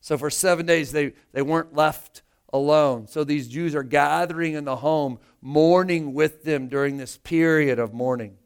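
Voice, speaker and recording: A man's voice: a little high, normal speed, hardly any pauses, clear, resonant tone. A male pastor preaching a sermon to his church, earnest in tone and often repeating words as he builds emphasis. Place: church meeting room.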